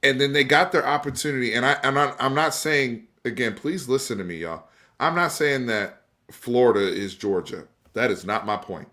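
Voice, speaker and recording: The man hosting this casual sports debate stream addresses viewers head-on in an emphatic, conversational way. His mid-range voice has a sharp tone and a moderate pace, and he restarts words once he's fired up.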